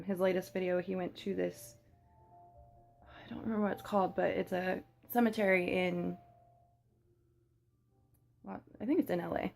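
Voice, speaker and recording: Una joven adulta charla de forma casual y divagante mientras come, grabándose con el teléfono, con muchas muletillas. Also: female voice, medium pitch, vocal fry, darkish tone. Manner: rambly, chatty, full of fillers. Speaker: small YouTuber. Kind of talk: casual rambling chat while eating. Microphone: phone.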